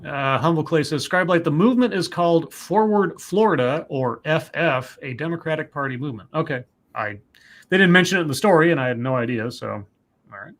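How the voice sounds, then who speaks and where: His voice is a little high and a bit bright, moving slightly fast. As co-host of a casual talk stream, he reads quotes from news stories and viewer messages aloud, self-correcting as he reads.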